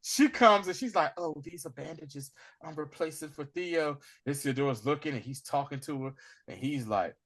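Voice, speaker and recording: On a casual episode recap, a podcast host animatedly retells a show, acting out the characters' lines in a slangy voice. His voice is on the high side, and he talks at a normal speed.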